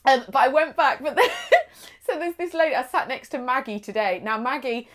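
A woman's voice: high-pitched, moderate pace, fairly bright tone. A woman in her thirties chatting casually, laughing often and acting out the people she quotes. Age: 30s. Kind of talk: casual chat.

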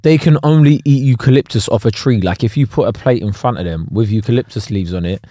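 A man, co-hosting a podcast, telling animated stories full of slang and swearing. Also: medium pitch, quick pace, no room sound, studio quality. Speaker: podcast co-host. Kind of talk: casual banter.

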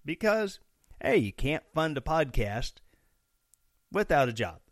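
A man's voice: fairly high pitch, very animated, a little slow, no echo, studio quality. A young man from Missouri hosting a casual solo podcast, rambling and joking with sarcastic asides. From Missouri, USA. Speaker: podcast host.

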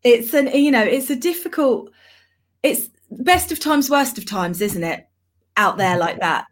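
A woman hosts a casual podcast chat, chiming in and asking questions. Her voice sits high and swings a lot in pitch. She agrees readily and keeps the talk going. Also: lively intonation, measured pace. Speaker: podcast host.

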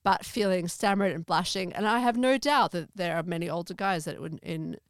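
A woman's voice: fairly low pitch, fairly quick, no room sound, clean studio sound. A woman co-hosting a casual podcast, talking earnestly and with some stammering about her own experiences. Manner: earnest, stammering, personal storytelling. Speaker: podcast co-host. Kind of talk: casual chat reviewing a movie.

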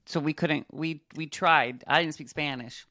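A woman at a medium reading, talking in a halting, hesitant way with repeated words. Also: low-pitched, pushed and bright, dry recording, clean studio sound. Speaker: guest at a reading. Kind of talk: casual chat.

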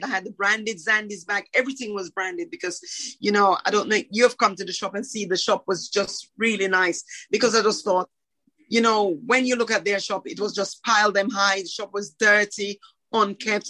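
A woman's voice: mid-range voice, rough recording. A middle-aged woman who owns a shop, telling her story in an interview and acting out the conversations. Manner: animated, acts out dialogue. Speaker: shop owner.

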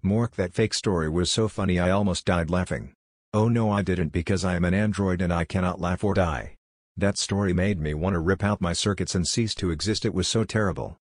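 A mechanical, deadpan male android, as a man puts it on, speaking in a very low voice. It delivers insults in a flat, even way. The sound is dry and close. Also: fairly quick, no echo. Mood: scornful.

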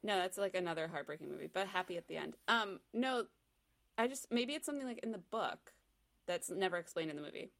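A woman's voice: fairly low pitch, animated, fairly quick, gravelly. A young woman co-hosting a casual chat, describing a movie plot in a loose, rambling way with many fillers.

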